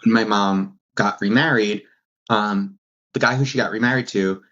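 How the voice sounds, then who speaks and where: A man in his thirties from New Jersey, telling stories casually as a podcast guest, laughing often and acting out quotes in a higher voice. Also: moderate pace, a bit bright. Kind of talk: casual storytelling. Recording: dull lo-fi sound.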